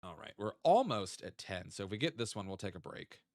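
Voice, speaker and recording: In a clean studio recording with no echo, a young man casually muses and jokes while streaming a geography guessing game. He talks fairly quickly in a low, sing-song voice, chatty and full of joking asides, like typical gaming stream chat.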